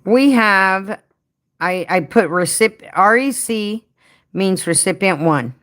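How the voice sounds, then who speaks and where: A woman's voice: medium pitch, slow, a bit bright. A woman hosting a casual livestream for home care workers, chatty and rambling, talking straight to her viewers with affectionate asides. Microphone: head-mounted rig.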